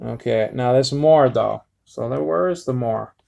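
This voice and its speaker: A man giving a casual Bible lesson, reading slowly with many fillers and sounding out Greek words. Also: mid-range voice, vocal fry, a little mellow. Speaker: Bible teacher.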